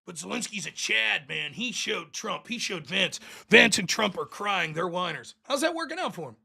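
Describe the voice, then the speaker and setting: A man hosts his own political show alone, ranting in a sarcastic and combative way and swearing freely. His voice jumps all over the place and has a bright, sharp edge. He often mocks the people he argues against. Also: high-pitched, expressive, moderate pace, gravelly, husky. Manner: mocking mimicry of opponents. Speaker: political commentary host. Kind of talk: solo political rant.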